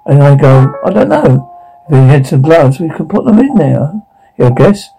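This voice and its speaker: A man's voice: on the high side, sing-song, normal speed, vocal fry, mellow, a little hiss or hum, low-quality recording. An actor playing an awkward, bashful young man who rambles and stops to correct himself. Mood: rambling. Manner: rambling, self-interrupting. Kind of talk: naturalistic screen acting.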